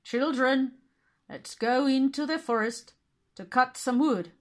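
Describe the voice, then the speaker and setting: A woman voicing a weak, sorrowful father in a storybook reading, gentle and regretful. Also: on the high side, lively intonation, takes it slowly.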